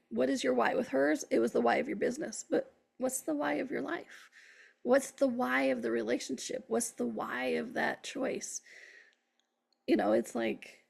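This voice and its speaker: A woman's voice: sits high, vocal fry, breathy edge. A woman hosting a motivational self-help show, speaking in an upbeat, encouraging way straight to her listeners. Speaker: host.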